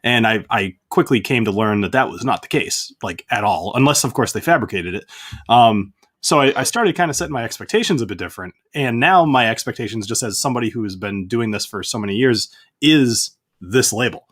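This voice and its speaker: A man's voice: mid-range voice, lively intonation, fairly quick, a bit bright. Chatty male whiskey channel host. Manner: enthusiastic, chatty, frequent fillers like "like". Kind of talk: casual conversational interview.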